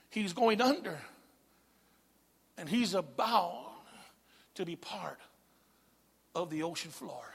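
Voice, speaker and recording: High, gravelly preacher shouting in a hall. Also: male voice. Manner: calls and responses to the congregation, building to shouts. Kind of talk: sermon.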